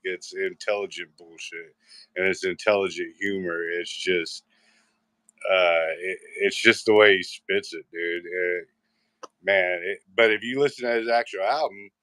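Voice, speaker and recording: A man's voice: low voice, fairly bright tone, no echo. A man hosting a casual live show, rambling and swearing a lot, often stopping to restart his sentences. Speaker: host.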